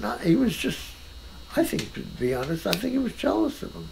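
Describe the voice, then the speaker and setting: An older man talks in a relaxed conversation in his own house. His voice is rather high and gravelly, and its pitch swings widely. He speaks emphatically and often restarts his thoughts. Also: a little fast, slight background noise, poor audio. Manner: animated, emphatic, with many restarts. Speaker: painter being interviewed. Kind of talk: casual conversation.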